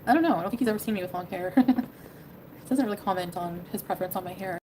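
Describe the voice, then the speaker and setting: A woman from Canada chatting on her livestream, hedging and rambling as she talks. She speaks quickly. Faint noise hums in the background. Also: medium pitch, warm tone, poor audio. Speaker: streamer. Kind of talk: casual livestream chat.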